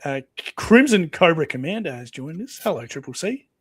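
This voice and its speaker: A man's voice: on the high side, sing-song, normal speed, slight background noise. A man hosting a casual comic read-along, chatty and laughing often. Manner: chatty, laughs often, voice rises and falls a lot. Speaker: host.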